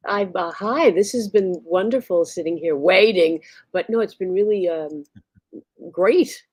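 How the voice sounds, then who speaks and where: A woman's voice: lowish voice, unhurried, no room sound. A woman co-host and performer chatting casually and bubbly on a livestream video call.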